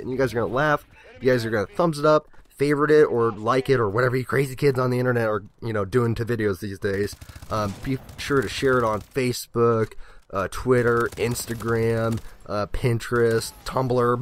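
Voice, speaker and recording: Young guy in his twenties, game commentary voiceover, rambling deadpan humor, mid-pitched. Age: 20s. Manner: rambling, deadpan mock-serious jokes with filler words. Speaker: gameplay commentator. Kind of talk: joking gameplay commentary.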